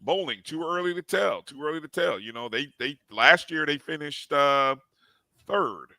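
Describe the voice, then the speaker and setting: Lively, bright-voiced male sports host. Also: on the high side, moderate pace, no echo. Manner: animated, repeats greetings to each viewer by name. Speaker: sports talk show co-host. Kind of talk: live-streamed sports talk, greeting chat viewers.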